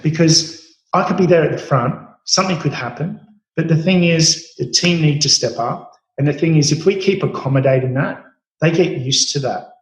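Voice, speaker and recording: A man's voice: fairly high pitch, normal speed. A man in his late forties with an Australian accent, telling stories about his cooking career with many fillers and restarts. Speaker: chef guest. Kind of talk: storytelling interview. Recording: roomy echo.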